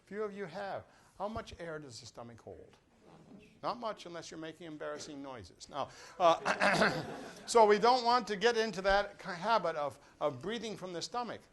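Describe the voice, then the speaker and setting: Lively older man coaching a class. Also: high voice, moderate pace. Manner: lively, joking, coaching a group through breathing exercises. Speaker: brass clinician teaching a master class. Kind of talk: live master class instruction to students. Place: classroom or rehearsal room with a live audience.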